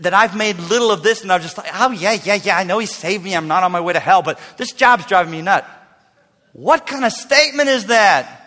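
Male pastor, 50s, bright tenor, sermon in a reverberant hall, dynamic from shouts to whispers. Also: sits high, expressive, brisk. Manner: swings from loud preaching to hushed near-whisper asides.

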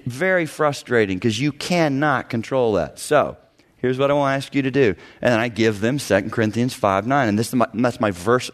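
A middle-aged man, a pastor and counselor, preaching a sermon with animated storytelling and quick impressions of the people he describes. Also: medium pitch.

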